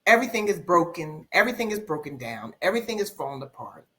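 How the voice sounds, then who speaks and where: Low-voiced woman telling her story candidly. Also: big pitch swings, fast talker, a bit bright. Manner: candid, reflective, with many ums and repeated phrases. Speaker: guest life coach. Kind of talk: podcast interview storytelling.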